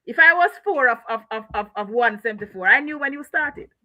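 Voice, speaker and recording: A woman's voice: a little high, expressive, a little fast, dull audio, faint music behind. A woman guest author in a conversational interview, often repeating herself and laughing as she talks.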